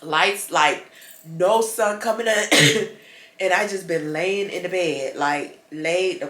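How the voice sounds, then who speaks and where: A congested woman vlogs from her bed, rambling and frustrated as she talks to her viewers. Her voice is low but bright and forceful. The room around her sounds echoey. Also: takes it slowly. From United States. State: congested, stuffy nose. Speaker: vlogger. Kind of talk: casual vlog chat. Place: bedroom, lying in bed.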